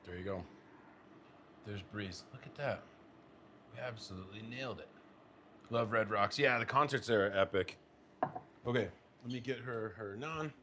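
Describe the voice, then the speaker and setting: Young american dude, low-ish voice, chatting away in his kitchen, bit of room hum. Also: normal speed, pauses often, sharp tone. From United States. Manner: chatty, talks to partner and viewers while plating. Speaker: cooking vlogger. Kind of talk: casual cooking vlog. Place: home kitchen.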